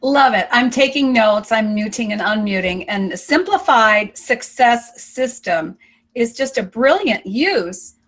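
A woman's voice: on the high side, lively intonation, measured pace, a bit bright. A woman hosting an interview over a video call, affirming and enthusiastic toward her guest. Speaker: interview host.

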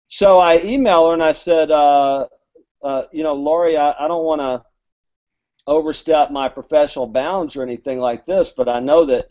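A man's voice: on the high side, a little mellow. A man from Alabama, a guest author telling rambling, chatty stories in an interview and acting out the dialogue he quotes. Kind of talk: casual storytelling interview. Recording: dull lo-fi audio.

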